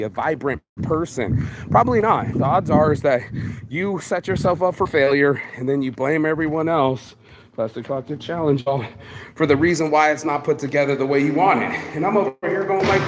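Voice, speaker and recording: Background noise accompanies this slightly high male voice. He's filming a ranting walk-and-talk vlog outdoors while collecting litter, swearing bluntly, using street slang and addressing everyone as bro.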